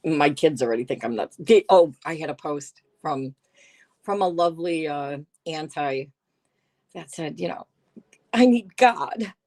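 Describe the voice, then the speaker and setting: Brief: middle-aged woman, live-stream host, unhurried and sarcastic, chatty with viewers. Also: low-pitched, a little mellow. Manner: sarcastic, laughs often, chats with viewers. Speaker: livestream host reading chat. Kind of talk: casual live-stream chat.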